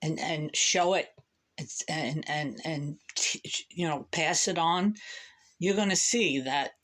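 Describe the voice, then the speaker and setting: A woman vlogging a rambling, profane monologue to camera, emphatic and animated. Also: low voice, slow.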